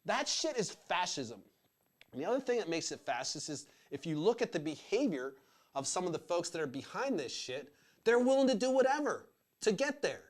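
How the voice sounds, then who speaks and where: A man's voice: sits high, very animated, normal speed. Angry, sweary male political ranter. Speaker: podcast host. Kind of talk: profane political rant.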